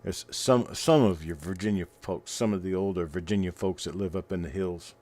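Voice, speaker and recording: A man's voice: low voice, moderate pace, darkish tone. A middle-aged man hosting a livestream, chatting casually and rambling in a folksy way while he talks to his viewers. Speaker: host of a coin roll hunting livestream.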